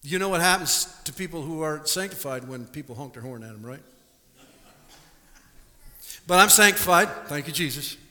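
High, bright-voiced preacher in a reverberant church. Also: male voice, fast, few pauses. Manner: animated preaching with repeated words and audience questions. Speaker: pastor. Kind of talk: sermon. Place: church sanctuary. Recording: live church recording with long hall reverb.

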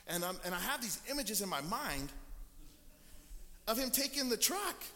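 High bright-voiced man preaching in a reverberant church. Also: very animated, normal speed. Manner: storytelling, acts out quoted people. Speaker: pastor. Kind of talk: sermon. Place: church sanctuary.

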